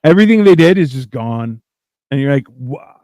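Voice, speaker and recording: Joking rambly podcast guy, dry close sound, middle pitch. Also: animated, a little fast, dark tone, no echo. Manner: rambling, joking, self-mocking. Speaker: podcast host. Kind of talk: casual comedic chat.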